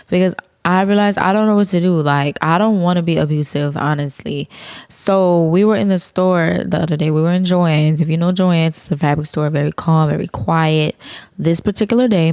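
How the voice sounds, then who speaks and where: Young woman chatting on her podcast, low voice with lots of gravel, dry close sound, slangy and cussing, talks to y'all. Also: a little mellow, no echo. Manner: slangy, profane, chatty, addresses listeners as y'all. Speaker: podcast host. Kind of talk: casual solo podcast chat.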